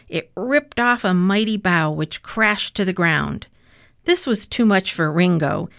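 A woman narrating a children's storybook in a steady, expressive read-aloud. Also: mid-range voice, dry recording, clean studio sound. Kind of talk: storybook reading.

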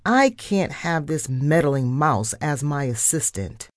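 A woman's voice: sits low, expressive, takes it slowly, no room sound, clean studio sound. A woman doing a flustered mouse editor. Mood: annoyed.

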